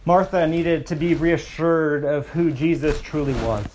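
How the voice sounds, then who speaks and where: Pastor guy giving a sermon, bit high voice, slows down and goes quiet for emphasis. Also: a little hiss or hum. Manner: expressive preaching, slows and softens for emphasis.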